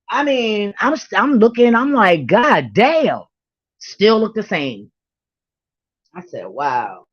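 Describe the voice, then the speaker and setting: A woman's voice: medium pitch, very animated, unhurried, dry recording. A middle-aged woman vlogging in a hyped, profane, laughing casual monologue. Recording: dull, dry lo-fi recording.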